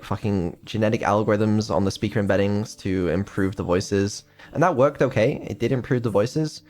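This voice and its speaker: A man's voice: medium pitch, darkish tone. Mumbly offhand man streaming. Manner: rambling, offhand and swearing, lots of ums. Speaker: streamer and developer. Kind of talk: casual stream chat.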